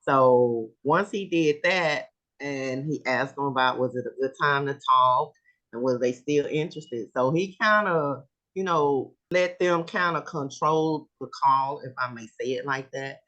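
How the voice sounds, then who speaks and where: Meeting participant, measured and hesitant, muffled recording. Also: mid-range voice, pushed and bright. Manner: thoughtful, hesitant with fillers. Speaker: team member. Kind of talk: recounting in a meeting.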